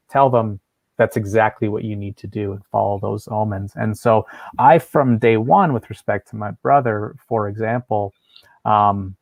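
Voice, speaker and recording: Gravelly low-voiced earnest man. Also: fairly even intonation, normal speed, dry recording. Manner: earnest, storytelling, thoughtful. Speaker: guest educator. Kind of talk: casual conversational interview.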